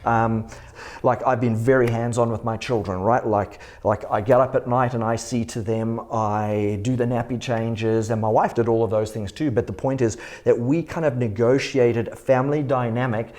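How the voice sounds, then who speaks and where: A man's voice: mid-range voice, fairly even intonation, moderate pace, darkish tone. Man telling stories with chuckles. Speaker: church podcast co-host. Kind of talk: casual conversation.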